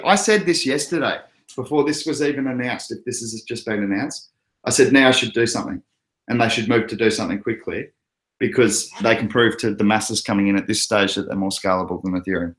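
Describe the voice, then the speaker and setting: The fairly low, fairly bright voice belongs to an Australian man on a casual crypto livestream. He chats in a loose way, often breaking into laughter as he reads out what viewers write.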